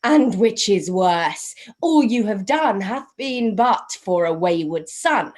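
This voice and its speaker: A woman playing Hecate, a stern queen of witches, in an online Shakespeare reading, speaking verse slowly and deliberately. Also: mid-range voice, lively intonation, a little mellow. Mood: scolding. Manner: slow, measured verse delivery.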